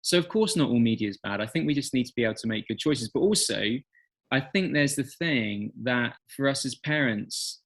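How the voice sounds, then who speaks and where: An English man in middle age, speaking as a podcast guest in relaxed conversation. He tells stories and acts out quotes with energy, his voice sitting at an ordinary pitch for a man. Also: brisk. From England. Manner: animated storyteller, acts out quotes. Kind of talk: conversational interview.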